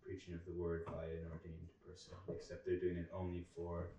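Deep-voiced man asking from across a room. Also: completely flat delivery, fairly quick, warm tone, recorded from a distance, slight background noise. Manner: long, winding question with hesitations. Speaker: class participant. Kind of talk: asking a question in class. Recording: roomy echo, off-mic.

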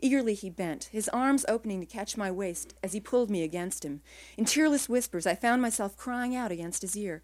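A woman writer reading her own literary prose aloud in a quiet, measured way, her phrases trailing off softly. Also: medium pitch, lively intonation.

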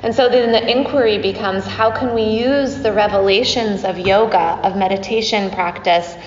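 A woman's voice: medium pitch, fairly even intonation, normal speed, slight background noise. Chatty woman yoga teacher, echoey hall. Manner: chatty, laughing often, many fillers. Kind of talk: dharma talk to a class. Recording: dull echoey hall recording.

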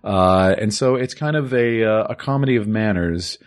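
A man co-hosting a podcast, calmly summarizing and explaining an old film in casual talk. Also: on the low side, normal speed, smooth. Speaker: podcast co-host.

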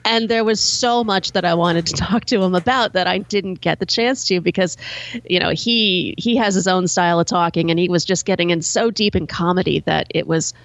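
A woman's voice: on the low side, moderate pace, creaky, dry recording, highs cut off. Upbeat woman podcaster, dry close sound. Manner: friendly and enthusiastic, light laughter. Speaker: podcaster and interviewer, guest. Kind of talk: casual chat.

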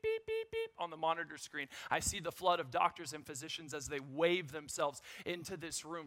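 A man in his thirties giving a storytelling sermon as a guest speaker, animated, swinging from shouts to hushed lines. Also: high voice, dry recording.

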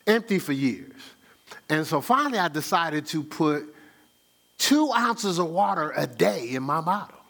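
Male pastor, sermon, high-pitched, bright tone, folksy, swings up and down. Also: measured pace, vocal fry. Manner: animated preacher, voice rising high for emphasis and dropping low for asides; folksy, conversational with chuckles and repeated words.

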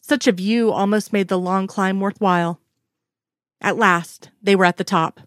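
A woman narrating a piece of fiction in a steady, even storytelling manner. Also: mid-range voice, unhurried, dry recording, clean studio sound.

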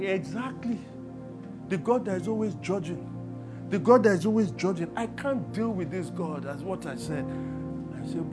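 A man preaches with a high voice for a man, dropping to a near hush and then building to loud declarations. He keeps throwing questions to the congregation for them to finish his lines. Music plays clearly behind him. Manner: call-and-response questions, swings from hushed to loud. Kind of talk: sermon.

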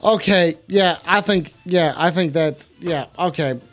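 A man hosting a live stream in joking banter, putting on a folksy cowboy drawl and loud mock outrage. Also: on the high side, unhurried, soft background music. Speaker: stream host.

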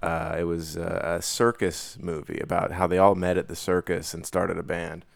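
A man's voice: sits low, little pitch movement, moderate pace, creaky, no room sound, clean studio sound. A man co-hosting a podcast in casual chat, rambling with many fillers and restarts. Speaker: podcast co-host.

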